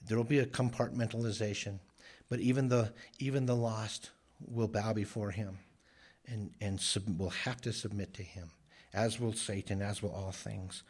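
A man's voice: on the low side, fairly even intonation, moderate pace, darkish tone, husky. A man preaching a sermon in an earnest, emphatic way, often repeating phrases for stress. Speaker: pastor.

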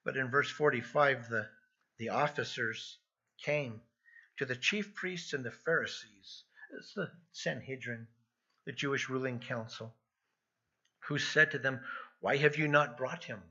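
Middle-aged male pastor, bright husky tone, earnest sermon delivery, dull lo-fi recording. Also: mid-range voice, unhurried. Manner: earnest, repeats words when emphasizing. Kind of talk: expository sermon. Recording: dull lo-fi sound.

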